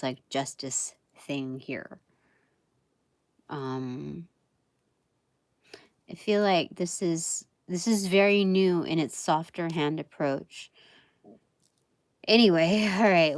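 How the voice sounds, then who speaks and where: A woman with a lowish voice reads tarot cards on a live stream, speaking slowly in a close, dry sound. She meanders and halts, fills gaps with fillers, and laughs softly between thoughts. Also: no room sound. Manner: meandering and halting, with many fillers. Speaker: tarot reader.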